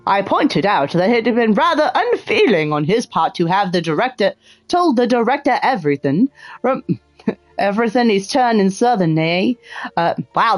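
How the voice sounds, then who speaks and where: Woman reading game text with lively drama. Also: lowish voice, no room sound. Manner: dramatic reading broken by sarcastic, profane asides. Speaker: streamer. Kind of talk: gameplay commentary, reading game text aloud.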